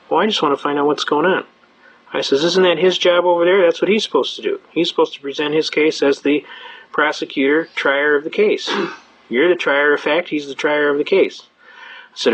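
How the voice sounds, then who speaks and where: A middle-aged man telling a story at a fast clip, acting out the voices of police and a judge in a lively storytelling speech. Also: on the high side. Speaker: speaker telling a courtroom story. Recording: dull lo-fi recording.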